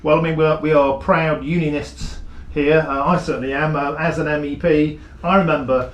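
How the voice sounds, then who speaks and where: A man's voice: fairly high pitch, steady tone, normal speed. A man hosting a political interview show, prompting his guest with short agreeing interjections. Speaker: talk show host, former politician. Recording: echoey room.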